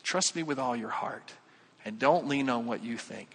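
Bright-voiced male pastor in reverberant hall. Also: mid-range voice, moderate pace, creaky, slightly rough. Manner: conversational, jokey, acts out quoted voices. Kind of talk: sermon with acted-out story.

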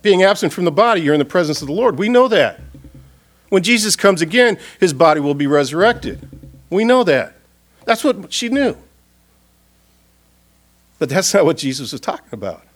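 A man preaching at a funeral, earnest and expressive, swinging from loud appeals to hushed, quiet passages. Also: high voice, normal speed, pauses often. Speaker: pastor. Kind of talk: funeral sermon. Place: church or funeral gathering.

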